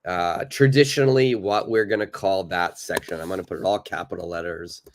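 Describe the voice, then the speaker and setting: A man's voice: low voice, steady tone, a little fast, slight background noise. A man teaching a live online English lesson, chatting loosely with many fillers and reading from the chat.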